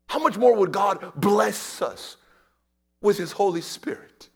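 A male preacher with a high-pitched voice delivers a dynamic sermon. He swings from loud, pleading cries down to near whispers. He repeats key words and phrases again and again for emphasis. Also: very animated, slow, slightly rough. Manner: dynamic, swinging from shouted pleas to hushed whispers.

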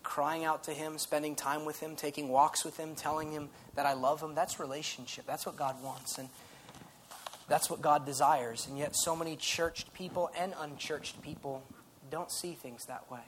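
A man's voice: fairly high pitch, fairly even intonation, normal speed. Earnest conversational male preacher. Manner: conversational, earnest, swings from soft to loud. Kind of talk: sermon. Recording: faint background noise.

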